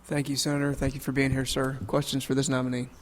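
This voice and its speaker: A man chairing a legislative committee hearing, moving briskly through procedure with light chuckles. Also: medium pitch, monotone. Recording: long hall reverb.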